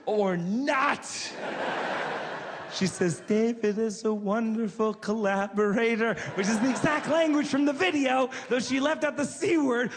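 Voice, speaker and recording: A man performing stand-up comedy on a theater stage, telling a story in a deadpan way with acted quotes, over audience laughter. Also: very high voice, background noise. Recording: live theater recording with long reverb.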